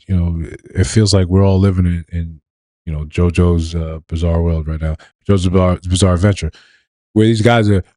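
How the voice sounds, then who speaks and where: Low-voiced man chatting on a live stream. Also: darkish tone, no echo. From New York. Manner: loose, laughing, talking to chat, frequent restarts. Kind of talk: casual live stream commentary.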